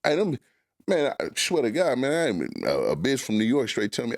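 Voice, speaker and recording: A man's voice: medium pitch, fairly quick, no echo. A man riffing on a podcast in a studio, his mid-range voice swinging widely as he tells crude stories. The sound is close and dry, with no room behind it. He slips into acted-out quotes as he goes. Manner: animated, profane storytelling with acted-out quotes. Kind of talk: casual podcast banter.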